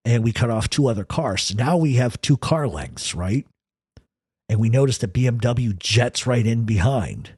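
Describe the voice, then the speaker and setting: A man with a husky, slightly rough voice recounts a true crime story in first person. He talks with intensity and peppers nearly every line with profanity. The recording is dry and close, with no room sound. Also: mid-range voice, lively intonation, a little mellow, no room sound. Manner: profane, intense, rapid retelling.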